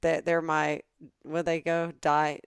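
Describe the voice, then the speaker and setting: A middle-aged woman with a Southern US accent, co-hosting a podcast, teasing and asking quick questions. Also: sits low, monotone, smooth, no echo, studio quality. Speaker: podcast co-host. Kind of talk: casual chat.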